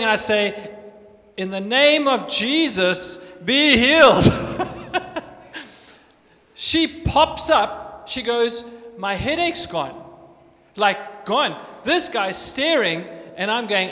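High-voiced man telling church testimonies. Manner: animated storyteller acting out dialogue. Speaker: guest speaker sharing testimonies. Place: church hall. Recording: reverberant church hall.

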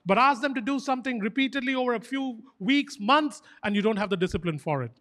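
A pastor with a high-pitched male voice preaches a fervent sermon at a quick pace. His animated exhortation hammers points home by repeating short phrases with emphatic insistence.

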